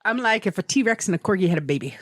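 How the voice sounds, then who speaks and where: Lively, rambling podcast woman. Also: medium pitch, quick pace, no echo, studio quality. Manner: rambling, laughs often, swears freely. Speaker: podcast co-host. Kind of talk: casual chat.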